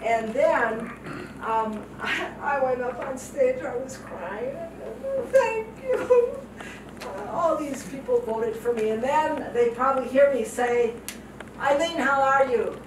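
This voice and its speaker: Slow, heartfelt older woman preaching. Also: high voice. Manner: heartfelt and emotional, repeats phrases for emphasis. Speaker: guest speaker, missionary. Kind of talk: testimony sermon. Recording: echoey hall from far off, noisy.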